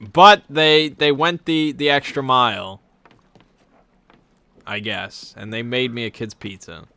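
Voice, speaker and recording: Bright-voiced man telling a story slowly. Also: mid-range voice, fairly even intonation. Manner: rambling, amused anecdote-telling. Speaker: channel host. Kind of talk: casual storytelling.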